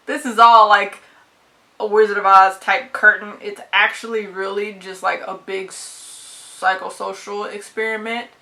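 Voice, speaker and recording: A woman's voice: mid-range voice, creaky, sharp tone. A woman book vlogger talking casually and bluntly, swearing freely and laughing often. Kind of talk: casual book tag vlog.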